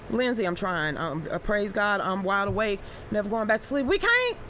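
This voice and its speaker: A woman's voice: medium pitch, a bit bright, slight background noise. A woman hosting a casual live stream, reacting to viewer comments with stammering restarts and sudden exclamations.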